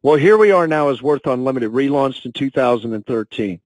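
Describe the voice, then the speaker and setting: A man giving a motivational corporate talk as a sales and training director, telling stories with feeling and slowing down when moved. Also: mid-range voice, lively intonation, dry recording, rough recording. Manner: emotional, storytelling, slows down when moved. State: choked up. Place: conference call.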